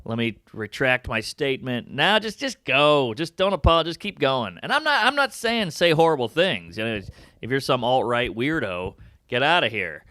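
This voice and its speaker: A man, a comedian chatting as an interview guest, jokey and animated with big jumps in pitch for emphasis. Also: normal speed, dry recording, clean studio sound. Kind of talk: casual interview chat.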